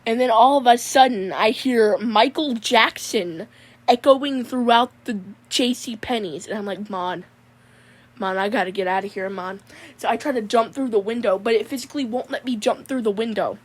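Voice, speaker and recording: A woman's voice: fairly high pitch, moderate pace, slightly rough. A woman telling a rambling comic dream story, peppering it with 'Mon'. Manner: rambling, says 'Mon' constantly. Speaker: comedy character storyteller.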